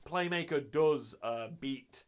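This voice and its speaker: A man's voice: on the high side, slow, clear, resonant tone. A young man talking through an anime review in an offhand, sweary way, often restarting his sentences. His voice sits a little above the usual male range. The delivery stays casual and unscripted throughout. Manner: loose and sweary, with frequent restarts. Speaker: anime reviewer and channel host.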